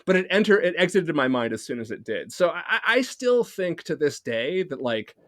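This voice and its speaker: A man's voice: on the high side, very animated, moderate pace, fairly bright tone, no room sound, studio quality. Rambling man telling a story. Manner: rambling, self-deprecating, swears casually. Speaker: podcast host. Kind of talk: casual storytelling chat.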